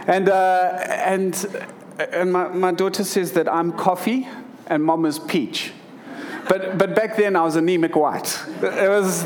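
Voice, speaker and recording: A pastor in his thirties delivers a sermon in a slightly higher-than-average male voice. He moves from a scripture reading into heartfelt personal storytelling, often restarting his sentences. A faint hiss sits underneath. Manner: earnest, emotional personal storytelling with repeated restarts.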